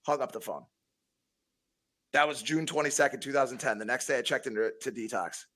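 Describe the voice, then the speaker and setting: Brisk and a bit bright, the mid-range voice belongs to a thirtysomething guest from Connecticut, USA, sharing a long personal story on a podcast. He is blunt and swears often, with frequent repeats and restarts.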